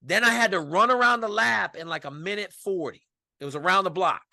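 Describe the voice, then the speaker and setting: A man from Washington state, a podcast guest telling a story in casual, animated, profane speech. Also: high-pitched, a little fast, vocal fry, no room sound, studio quality.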